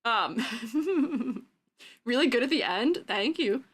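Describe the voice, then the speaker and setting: A young woman chatting casually on stream, her voice high and bouncing all over the place. She giggles constantly and breaks into goofy yells and sound-effect noises. The delivery is loose and unscripted. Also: animated, slow, husky.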